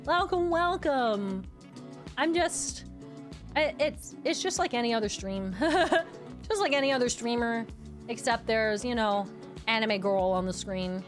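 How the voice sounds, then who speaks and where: A woman streamer chatting casually with her viewers while playing games, excitable and quick to laugh. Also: fairly high pitch, soft background music. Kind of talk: casual live-stream chat while gaming.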